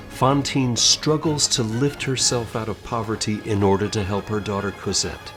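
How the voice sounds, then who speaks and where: A deep-voiced American man who teaches acting in an online lesson, his pitch swinging widely as he talks. He speaks straight to the viewer in a direct, theatrical way, as if addressing a class.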